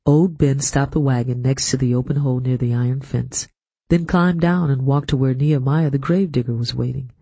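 Gravelly, husky male audiobook narrator. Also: medium pitch, fairly quick, dark tone, dry recording. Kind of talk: scripted narration.

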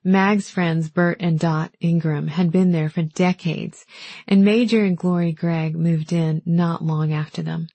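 A woman narrating a first-person novel in a calm, measured, gently wistful way. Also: fairly low pitch, dry recording. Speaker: audiobook narrator.

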